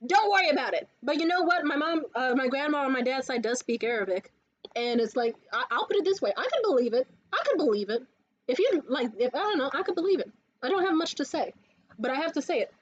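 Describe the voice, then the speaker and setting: High-voiced woman, profane vlog storyteller. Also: expressive, fast, highs cut off. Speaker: vlogger. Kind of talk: casual life-update vlog. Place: indoors in a room.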